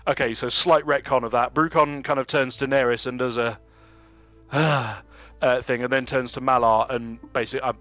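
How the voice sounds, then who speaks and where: A man's voice: mid-range voice, fairly even intonation, fairly bright tone, dry recording, faint music behind. A man playing a tabletop game, describing his character's actions with many fillers. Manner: halting, full of fillers. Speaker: player. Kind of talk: casual tabletop play.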